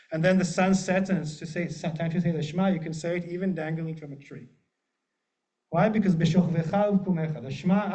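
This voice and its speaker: A man, a rabbi, teaching a group in a relaxed, joking way and often checking in with the room. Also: on the high side. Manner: chatty, jokey, asks the group often. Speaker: rabbi leading a class. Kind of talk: casual teaching with humor. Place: synagogue classroom with a group. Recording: muffled lo-fi room recording.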